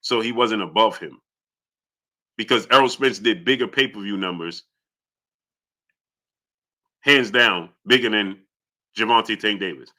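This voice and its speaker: Young male boxing streamer, sharp bright tone, heated and combative with chat. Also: a little slow, long pauses. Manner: heated, argumentative, rising pitch when indignant. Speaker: boxing channel host. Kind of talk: live-stream commentary.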